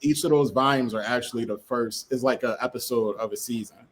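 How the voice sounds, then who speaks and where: A man chatting casually on a podcast about his own comic. He speaks in relaxed slang at an ordinary, middle pitch. He acts out little quotes as he tells a story, and there is a faint hum of noise behind him. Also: fairly quick, rough recording. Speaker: comic creator guest.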